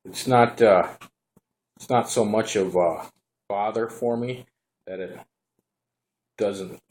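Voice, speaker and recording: A man giving a relaxed, rambling hands-on product review at home, talking to the camera as he shows the device. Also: lowish voice, a little hiss or hum.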